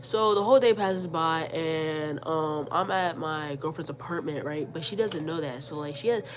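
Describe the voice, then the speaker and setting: A woman's voice: deep voice, normal speed. A young woman telling a personal story in a casual, slangy way, repeating words and acting out what people said. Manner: animated, slangy, repeats words, acts out quotes. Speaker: storyteller vlogger.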